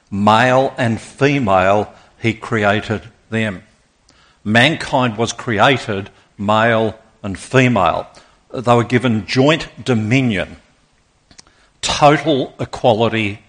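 Male pastor, lowish voice, preaching a lively sermon to a church auditorium. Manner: rousing, draws in congregation.

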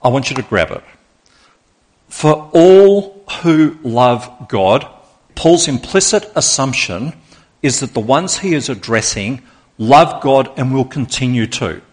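A man's voice: medium pitch, expressive. A man preaching a sermon, speaking with emphasis and leading the congregation in repeating phrases back. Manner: slow, emphatic, leads congregation in call-and-response.

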